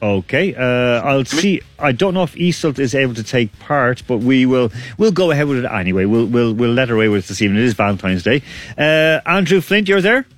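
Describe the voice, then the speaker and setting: A man's voice: mid-range voice, expressive, fairly quick, faint music behind. A man hosting a casual online quiz, chatty and laughing often. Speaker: quiz host.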